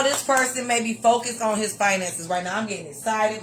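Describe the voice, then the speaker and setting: This tarot reader speaks a little high and fairly quickly, with background noise in the clip. She's animated and full of exclamations as she reads for her viewers, repeating phrases to stress them and addressing listeners as honey.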